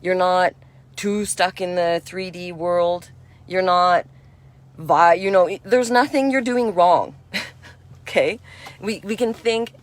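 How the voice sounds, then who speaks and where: A woman giving a spiritual energy talk in a gentle, reassuring and affirming way, chatty with frequent "you know". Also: on the low side, a little slow. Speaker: spiritual speaker.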